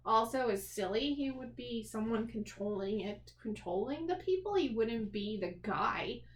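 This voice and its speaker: Woman, high voice, blunt and dismissive, repeats herself, echoey room. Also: animated, moderate pace. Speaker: podcast co-host. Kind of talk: casual movie review chat.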